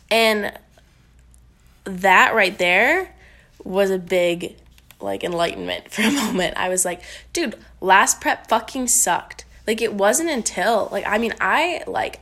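A woman's voice: medium pitch, fairly bright tone. A woman powerlifter talking casually to camera, rambling with lots of fillers and swearing, a little congested. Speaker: powerlifter vlogger. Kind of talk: casual talking-head vlog.

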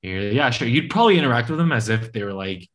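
A man in casual conversation who tells rambling anecdotes full of "like" and acts out the quoted voices. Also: racing. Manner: rambling storyteller who acts out quotes with animated jumps in pitch. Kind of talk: casual chat.

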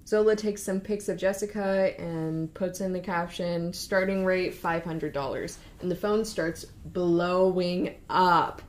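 A young woman co-hosting a podcast, casually retelling a story and acting out the quotes with lively shifts in her voice. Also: fairly low pitch, a little slow, hardly any pauses. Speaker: podcast co-host.

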